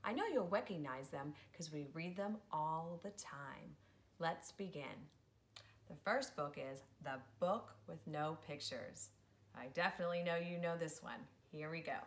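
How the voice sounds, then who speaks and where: A woman's voice: low-pitched, measured pace. A woman, a preschool teacher, reading a picture book aloud to children in a playful, theatrical way. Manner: playful, theatrical, switches into silly voices.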